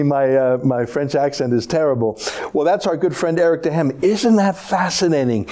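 A man's voice: on the high side, animated, moderate pace, mellow. A man hosting a political talk show, talking in an emphatic, exclamatory way. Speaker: host.

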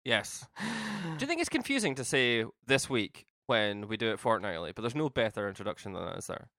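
A man's voice: mid-range voice, very animated, brisk, sharp tone, no room sound. A young man co-hosting a podcast in casual chat, teasing his co-host with dry sarcasm.

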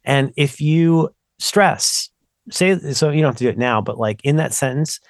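Here a podcast co-host with a mid-range voice moves at a moderate pace through casual tech conversation. He rambles with animated energy and frequently interrupts himself, recorded dry with clean studio sound.

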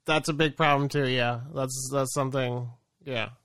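A man's voice: mid-range voice, fairly even intonation, normal speed, a bit bright, clean tone, no echo, clean studio sound, lightly acted. A man voicing the month of February as a bashful young man who talks sheepishly and hesitantly. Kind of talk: improvised comedy bit.

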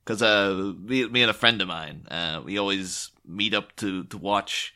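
Casting: man, casual podcast co-host, bright forceful tone, animated delivery. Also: lowish voice, unhurried. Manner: animated, slips into silly impressions. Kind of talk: casual chat.

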